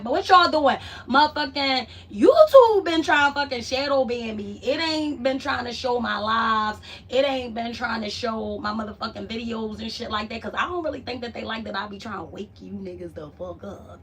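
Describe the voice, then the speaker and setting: A woman's voice: fairly high pitch, distant mic, slight background noise. A woman, hosting a casual live stream from her home and chatting loosely and profanely with viewers. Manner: loose, profane, chatty with viewers, drifting between soft murmur and loud bursts.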